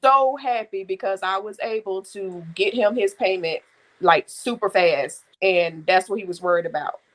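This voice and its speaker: A woman chatting casually as a co-host, telling animated, frank stories and swearing freely. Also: mid-range voice, normal speed, rough recording. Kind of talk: casual storytelling chat.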